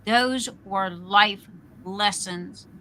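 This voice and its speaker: Woman in her sixties, very bright and sharp voice, blunt, salty language, candid storytelling, lots of fillers. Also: medium pitch, drawn-out words, poor audio. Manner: blunt and profane, with frequent fillers. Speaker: livestream host.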